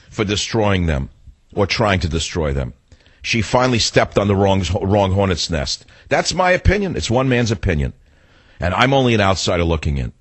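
A man's voice: lowish voice, husky, dry recording. An older man hosting a talk radio show, delivering a combative, sarcastic monologue.

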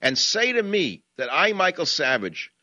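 A man's voice: on the high side, sing-song, measured pace, bright, forceful tone, no echo, lo-fi sound. A man from New York with a New York accent, hosting a talk radio show in an impassioned, combative way. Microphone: studio microphone, dry.

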